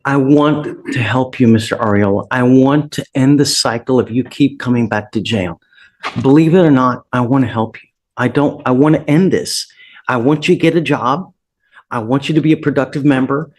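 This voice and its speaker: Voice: medium pitch, moderate pace, a little mellow. A judge speaking sternly from the bench in a courtroom, running through long lists of charges.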